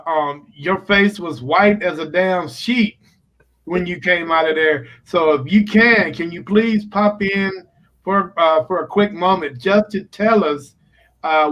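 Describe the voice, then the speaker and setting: A Midwestern American man hosting a podcast in casual chat, talking haltingly with many fillers. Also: high-pitched, fairly bright tone, poor audio. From United States. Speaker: podcast host.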